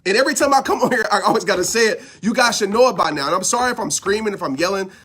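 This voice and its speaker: A man's voice: high-pitched, lively intonation, very fast, fairly bright tone, slightly rough. A man giving an impassioned motivational talk, fired up and preachy, hammering home his points by repeating phrases. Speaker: motivational speaker.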